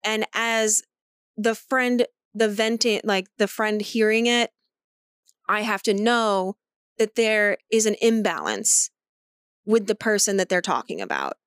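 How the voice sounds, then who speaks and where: A woman's voice: mid-range voice, animated, measured pace, a bit bright, clean tone, no room sound. Candid woman podcaster, dry close sound. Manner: candid, swears freely, talks things through at length. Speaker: podcast co-host. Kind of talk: casual chat.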